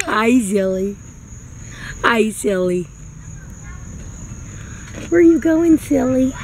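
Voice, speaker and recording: A mother's high, bouncing voice coaxes her toddler in sing-song baby talk, taking her time between phrases. She is recorded outdoors at a playground on the handheld camera she holds, with a little noise behind her. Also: lively intonation, drawn-out words, a little mellow. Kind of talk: home video chat.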